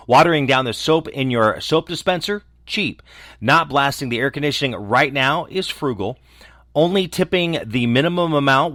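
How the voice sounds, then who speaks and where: Man for daily entertainment news reads, expressive, dry studio sound. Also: medium pitch, no room sound. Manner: lively, lightly conversational read. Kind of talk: scripted news roundup.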